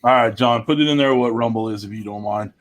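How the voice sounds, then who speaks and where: A man's voice: mid-range voice, quick pace. A man hosting a casual live-stream chat, laid-back and self-deprecating, with casual swearing. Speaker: host.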